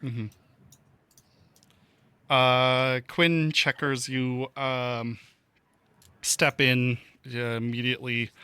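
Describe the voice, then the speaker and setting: Slow, halting male game master. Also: mid-range voice, sharp tone, clean tone, dry recording. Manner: hesitant, many fillers. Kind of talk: narrating a tabletop game.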